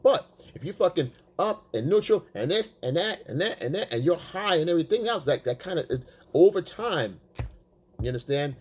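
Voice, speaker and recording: A man giving casual, profane dating advice, emphatic and blunt, acting out quotes in a high voice. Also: expressive, a little fast, darkish tone, breathy edge. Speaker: dating coach. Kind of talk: casual coaching monologue.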